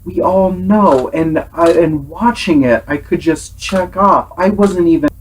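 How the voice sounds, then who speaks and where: Slow-talking man reviewing films. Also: a little high, slight background noise, poor audio. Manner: earnest, exasperated critique, sometimes imitates sounds. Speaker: host, film reviewer. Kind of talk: casual film review chat.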